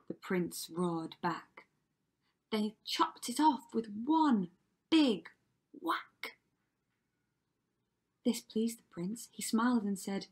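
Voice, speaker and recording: A woman's voice: mid-range voice, unhurried, darkish tone, slightly rough. A woman teacher reading a rhyming story aloud to children with dramatic delivery, often dropping to a whisper. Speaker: primary school teacher.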